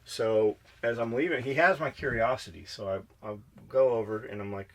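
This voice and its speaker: A man's voice: lowish voice, brisk, hardly any pauses, fairly bright tone. A man co-hosting a podcast, telling stories in a blunt, profane, fired-up way. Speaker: podcast co-host. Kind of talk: casual podcast chat.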